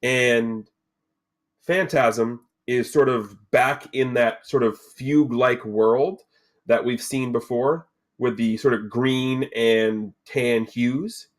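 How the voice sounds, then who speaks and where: A man acts as game master for a tabletop game. He reads scene descriptions aloud in a steady, measured storytelling manner, his pitch right in the middle for a man.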